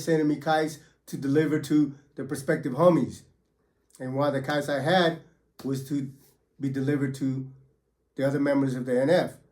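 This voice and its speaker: A man's somewhat high voice recounts his own prison days in loose, easygoing storytelling. His talk is full of swearing and street slang, with constant "you know" fillers. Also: a little mellow. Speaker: former federal prisoner telling his stories. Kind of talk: casual first-person storytelling.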